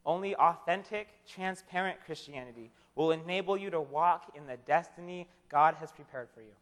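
A man's voice: on the high side, moderate pace. A young man preaching a casual, humorous sermon to a live audience, joking in a conversational way and often repeating his words. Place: chapel or hall with an audience. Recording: long hall reverb.

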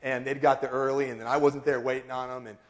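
A man in his thirties preaching a sermon, telling a lively story and acting out quotes in high voices. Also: fast talker. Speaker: pastor. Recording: long reverb of a large hall.

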